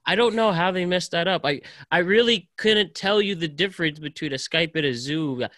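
A man co-hosting a podcast in casual chat, talking in a rambling way with halting restarts. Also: fairly high pitch, fairly bright tone, dry recording, clean studio sound. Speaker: podcast co-host.

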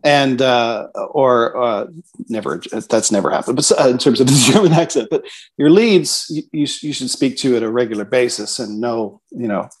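Relaxed middle-aged man, mid-pitched voice. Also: normal speed. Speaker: interviewer, writer-producer. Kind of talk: conversational interview.

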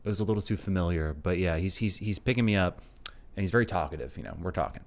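A man's voice: low-pitched, fast talker. A man co-hosting a podcast, telling a story in a wry, conversational way. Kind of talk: casual storytelling chat.

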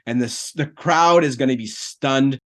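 A man co-hosting a sports podcast, making bold, animated predictions in casual talk. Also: mid-range voice, moderate pace. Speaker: podcast co-host.

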